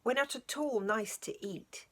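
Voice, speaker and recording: A woman's voice: on the high side, unhurried. A woman voicing a timid young girl who speaks nervously, half in a whisper. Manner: nervous, hushed.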